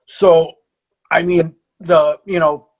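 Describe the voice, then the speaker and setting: A man, a martial arts coach, telling lively stories in a podcast interview with fillers and laughs. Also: fairly high pitch, takes it slowly. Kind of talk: animated storytelling in a podcast interview.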